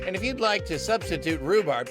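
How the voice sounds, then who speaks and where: High-voiced stammering comic host. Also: male voice, expressive, a little fast, over music. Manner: stammering, self-interrupting, answers himself. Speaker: comedy stream host. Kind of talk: rambling comic livestream banter.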